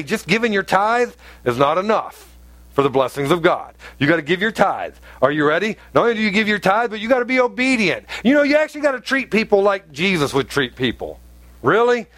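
A pastor preaching a conversational sermon, telling stories and rising to emphatic outbursts. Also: male voice, fairly high pitch, fairly bright tone, no room sound.

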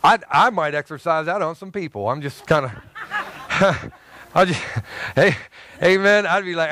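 High-voiced pastor preaching emphatically. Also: male voice, lively intonation, unhurried, long pauses, bright, forceful tone, dry recording. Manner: conversational and emphatic, with repeats and asides. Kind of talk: sermon.

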